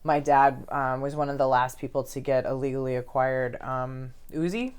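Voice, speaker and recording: A middle-aged woman, a comedy club owner, chatting casually as a podcast guest with quick asides and casual swearing. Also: rumbling low, fairly even intonation, a little mellow, clear, resonant tone. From grew up moving around as an army kid.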